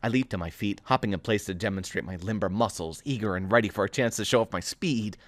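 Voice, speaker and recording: A man reading his own novel aloud in the first person, animated and excitable as he rambles on. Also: fairly low pitch, fast, no echo. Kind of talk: first-person story narration.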